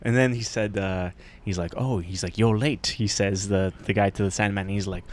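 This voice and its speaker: A man's voice: lowish voice, fairly even intonation, a little fast, slight background noise. A man on a podcast, casually retelling a show's plot in a rambling way, acting out the characters' lines and laughing often. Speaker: podcast co-host.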